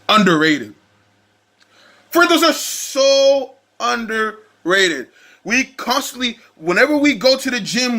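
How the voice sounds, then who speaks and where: A man with a high, bright voice delivers a fired-up sports rant straight to the camera. He talks in a heated, animated way, full of exasperation at the game. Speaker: sports vlogger.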